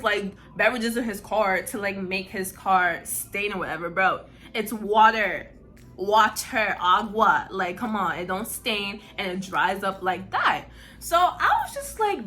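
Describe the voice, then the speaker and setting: A young woman from New York, a vlogger telling a casual storytime, animated and profane, saying "like" constantly. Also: mid-range voice. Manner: animated, profane, heavy use of "like".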